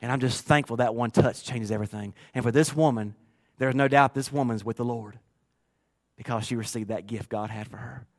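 A man pastor preaching a sermon through personal stories, earnest and emotional, moving from quiet to loud. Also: medium pitch, fairly quick, vocal fry. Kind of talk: storytelling sermon.

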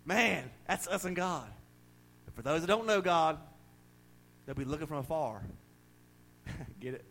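A male pastor with a Southern US accent preaching a sermon, swinging from shouted proclamation to quiet, confiding asides. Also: fairly high pitch, expressive, unhurried.

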